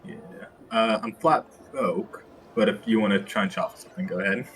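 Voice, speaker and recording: Low-voiced man, casual player. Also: fairly bright tone, a little hiss or hum, low-quality recording. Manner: casual, halting with fillers. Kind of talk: casual tabletop play.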